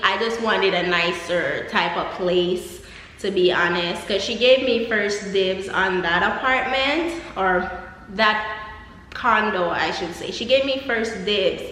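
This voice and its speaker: A woman's voice: mid-range voice, pushed and bright, a little hiss or hum. Chatty Jamaican woman, echoey room. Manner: chatty, laughs often, rambling asides. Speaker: vlogger. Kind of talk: casual chat. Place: empty apartment.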